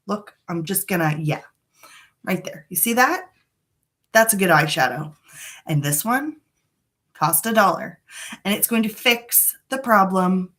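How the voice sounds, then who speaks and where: A woman's voice: mid-range voice, animated, measured pace, pauses often, fairly bright tone. A woman chatting frankly and a little dramatically through a live makeup tutorial from her home. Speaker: beauty vlogger. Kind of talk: casual live makeup chat. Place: home room.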